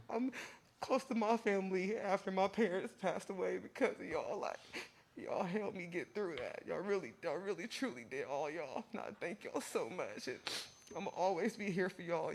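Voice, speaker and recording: Tearful man delivering a funeral eulogy; high, gravelly voice that breaks, halting and filler-heavy delivery. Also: lively intonation. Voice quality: halting speech full of fillers. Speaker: family friend giving a eulogy.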